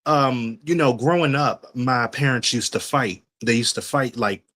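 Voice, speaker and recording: A man joins a live-stream call to share something personal. His voice sits at an ordinary pitch. He halts often and leans on fillers as he feels his way through his story. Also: a bit bright. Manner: hesitant, halting, full of fillers. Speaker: guest caller.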